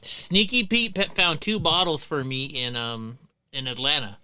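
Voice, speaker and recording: A man's voice: a little high, unhurried, a crowd in the background. A middle-aged man hosting a livestream, telling rambling, profane stories in casual chat. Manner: rambling, profane, many restarts. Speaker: livestream host.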